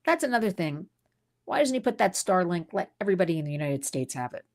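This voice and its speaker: A woman's voice: on the low side, big pitch swings, quick pace. Indignant woman hosting a livestream. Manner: emphatic and indignant, reads viewer comments aloud. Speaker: livestream host. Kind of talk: unscripted livestream talk. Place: New York City.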